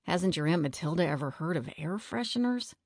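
A woman's voice: lowish voice, lively intonation, brisk, a little mellow, no room sound, clean studio sound. A woman voicing a nervous, wisecracking young boy who whispers and stammers in a children's storybook.

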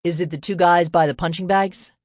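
A woman's voice: on the low side, fairly even intonation, a little fast, a little mellow, no echo, clean studio sound, close to an everyday voice. A woman voicing an earnest, puzzled young male boxer in an audiobook. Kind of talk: audiobook character voice.

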